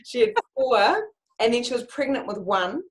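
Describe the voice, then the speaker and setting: A woman life coach chatting on a video call, telling stories in an animated way with lots of fillers and restarts. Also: a little high, normal speed, low-quality recording. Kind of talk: conversational video-call chat.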